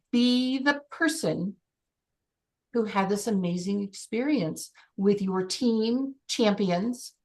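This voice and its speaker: A middle-aged woman working as a life coach, guiding a client and acting out scenes with animated excitement. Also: mid-range voice.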